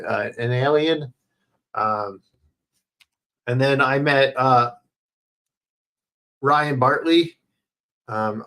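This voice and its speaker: A man chatting casually on a livestream into a headset mic, rambling, swearing often and filling pauses with "uh". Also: a little high, fairly bright tone. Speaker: streamer.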